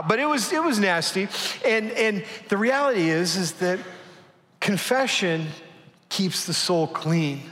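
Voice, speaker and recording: High-voiced pastor preaching in an echoey hall. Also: male voice, pushed and bright. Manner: conversational, self-deprecating humor, earnest. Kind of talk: sermon.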